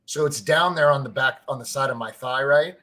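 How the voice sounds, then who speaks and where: Excitable man swapping sports talk. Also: mid-range voice, brisk. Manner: animated storyteller, swears freely, peppers speech with "like" and "right?"; excitable, fan-to-fan talk addressing listeners as family. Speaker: podcast co-host. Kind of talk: casual sports podcast chat.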